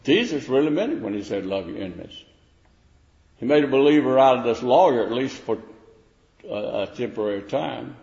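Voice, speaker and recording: A man's voice: medium pitch, animated, a little fast, creaky, a little mellow. Man preaching in an echoey hall. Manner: rising to emphatic questions, with restarts. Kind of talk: sermon. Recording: echoey hall, dull lo-fi sound.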